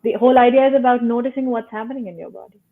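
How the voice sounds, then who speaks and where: A woman's voice: a little high, very fast. Woman guest on a remote call, thoughtful explainer with everyday metaphors, thin phone-like audio. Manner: thoughtful, explains with simple metaphors, frequent "right?". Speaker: guest explaining the nervous system. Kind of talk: casual explanatory talk. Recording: tinny phone-like call line.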